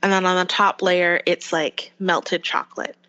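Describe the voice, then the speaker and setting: A woman's voice: lowish voice, level tone, moderate pace, sharp tone, clear, resonant tone, dull audio. A woman with a West Coast Canadian accent, an actor chatting as a podcast guest, upbeat and full of fillers. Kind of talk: casual podcast interview.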